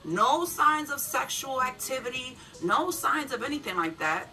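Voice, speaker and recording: A woman's voice: high voice, animated, normal speed, sharp tone, recorded from a distance, soft background music, rough recording. A woman in her twenties telling a dramatic, profane story in a casual vlog. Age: 20s.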